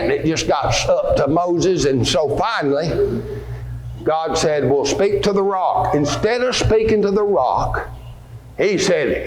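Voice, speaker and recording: The recording, made in an echoey church hall with faint background ambience, captures a man acting out scripture scenes and quizzing children during a Bible lesson. His voice is a little high and darkish, and he speaks unhurriedly.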